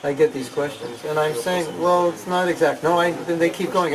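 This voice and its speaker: A man's voice: fairly high pitch, fairly even intonation, normal speed, far from the mic, a crowd in the background, rough recording. A man leading a chanting seminar, lecturing in a conversational way, asking his listeners rhetorical questions and mimicking how people pronounce words. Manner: imitates questioners and mimics pronunciations. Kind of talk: lecture to a live audience. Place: seminar hall with an audience.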